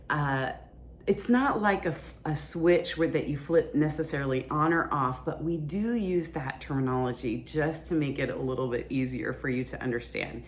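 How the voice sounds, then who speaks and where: A woman hosting a podcast, explaining relationship ideas in a casual, conversational teaching style. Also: a bass voice. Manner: conversational, explains plainly with fillers.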